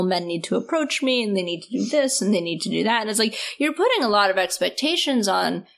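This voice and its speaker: A woman's voice: medium pitch, a bit bright. Give me a sarcastic woman podcast host who laughs often in casual chat.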